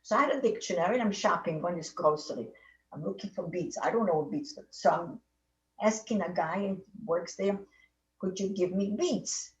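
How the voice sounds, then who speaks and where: A woman's voice: lowish voice, fairly quick. A woman in her eighties with a foreign accent, telling her life story in a meandering, repetitive way, circling back and restarting her sentences. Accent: foreign accent in English. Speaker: Holocaust survivor interviewee. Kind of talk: oral history storytelling. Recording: dull, echoey, distant audio.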